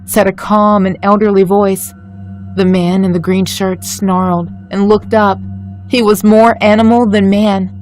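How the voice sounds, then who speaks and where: A woman reading a scripted first-person horror story in a measured, dramatic way. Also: mid-range voice, level tone, a little mellow, faint music behind. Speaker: story narrator.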